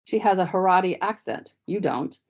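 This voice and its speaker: A woman's voice: lowish voice, expressive, moderate pace, darkish tone, voice pushed up, close to an everyday voice. Woman doing a self-important police officer. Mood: grave. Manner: polite, grave, self-important. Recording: dull lo-fi online meeting audio.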